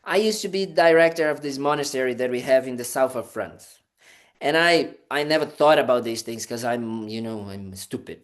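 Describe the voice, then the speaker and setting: A man, a Buddhist monk, giving a casual dharma talk, conversational and playful, with many fillers and restarts. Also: mid-range voice. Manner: conversational, full of "you know" fillers and restarts; playful, acts out little scenes with "da, da, da".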